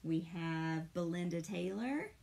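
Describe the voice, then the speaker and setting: A woman's voice: fairly low pitch, expressive, slow, creaky, a little mellow. A middle-aged woman, chatting with viewers and greeting them by name while she paints live. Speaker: painting instructor. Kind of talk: live-streamed craft session.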